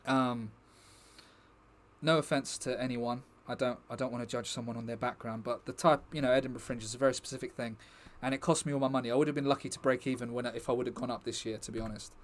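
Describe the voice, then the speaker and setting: A man's voice: mid-range voice, steady tone, quick pace. A young man chatting casually to his stream viewers, rambling and joking with the chat.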